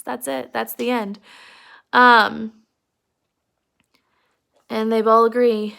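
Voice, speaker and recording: A woman teacher giving an earnest, casual recap of a novel chapter. Her voice is fairly high with a strong gravelly fry. She talks emphatically and fills pauses with "um". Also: little pitch movement, a bit bright. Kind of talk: casual literature lesson recap.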